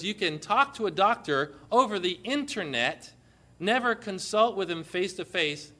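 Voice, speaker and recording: A man preaching an impassioned sermon, moving from quiet storytelling to loud, forceful proclamation. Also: sits high.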